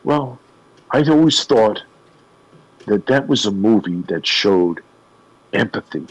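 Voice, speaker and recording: A man, a guest on a radio show, retelling a story in an animated way with emphatic pauses. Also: on the low side, breathy edge, low-quality recording. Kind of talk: conversational storytelling.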